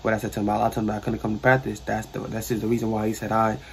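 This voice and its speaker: A man's voice: lowish voice, racing, vocal fry, a little hiss or hum. A young man with a New York accent, telling a rambling, slangy storytime in a bedroom. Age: young adult. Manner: rambling, slangy, animated retelling. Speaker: storyteller vlogger. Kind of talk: casual storytime. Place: sister's room.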